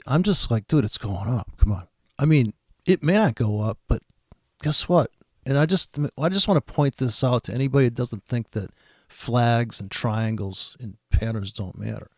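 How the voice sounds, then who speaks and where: A man's voice: medium pitch, darkish tone, no room sound, studio quality. A man giving profane, sarcastic commentary on a trading video, sounding exasperated and swearing often.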